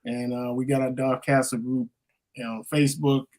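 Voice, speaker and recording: A man's voice: medium pitch, level tone, a little fast, darkish tone. A man appearing as a guest on a podcast, talking about his own show in a laid-back, casual way. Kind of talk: casual chat.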